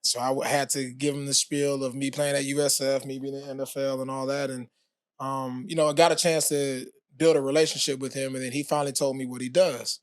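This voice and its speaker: A man talking as a podcast guest, telling his story in a relaxed way with many fillers. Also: medium pitch, brisk, smooth, dry recording, clean studio sound. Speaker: podcast guest, former pro football player. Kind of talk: casual interview talk.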